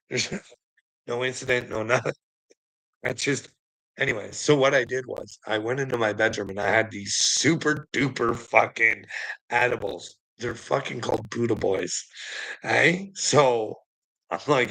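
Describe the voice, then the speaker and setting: A man tells a long, rambling personal story, laughing as he goes and swearing constantly. His voice is gravelly with plenty of fry. It also has a bright, forward edge to it. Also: medium pitch, poor audio. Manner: profane, rambling, laughs often. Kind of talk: casual storytelling monologue.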